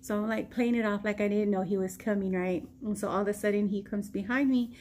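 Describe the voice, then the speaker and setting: A woman from Texas telling a story in a slow, rambling way, with many pauses and ums. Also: mid-range voice, steady tone, darkish tone, a little hiss or hum. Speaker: vlogger. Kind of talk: casual story time.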